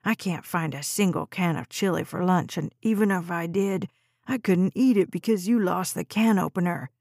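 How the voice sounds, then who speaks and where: Woman doing a drunk mean stepdad, low gravelly slurry voice, coarse. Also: moderate pace, a little mellow, no echo, studio quality. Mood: slurring orders. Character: drunk, coarse, glowering middle-aged stepfather.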